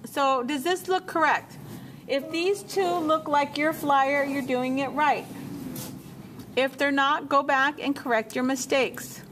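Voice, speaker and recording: A woman teacher walking a class through a software task step by step, repeating menu names as she checks her work. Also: sits high, fairly even intonation, slow pace, a little hiss or hum. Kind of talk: software tutorial walkthrough.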